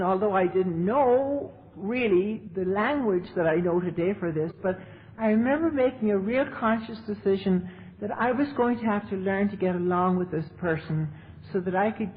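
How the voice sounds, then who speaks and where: A woman telling her recovery story to an audience as a speaker, in a chatty, humorous way. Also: mid-range voice. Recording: tinny lo-fi tape with faint hiss.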